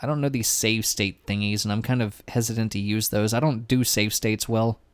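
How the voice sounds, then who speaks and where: A man's voice: fairly low pitch, fairly even intonation, moderate pace, smooth, no room sound. A man streaming a game, giving casual, rambling commentary full of jokes and swearing. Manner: joking, profane, rambling.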